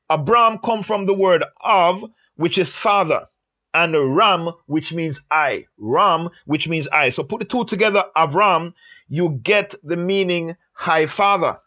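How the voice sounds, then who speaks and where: A man teaching a Bible study lesson on a Hebrew letter, speaking slowly and emphatically and repeating phrases for stress. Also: sits high, pushed and bright.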